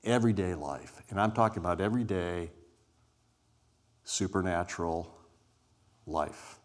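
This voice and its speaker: A man giving a conversational, inviting sermon to a congregation as a guest preacher. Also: low voice. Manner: conversational, inviting, acts out scripture scenes. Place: church hall before a live congregation.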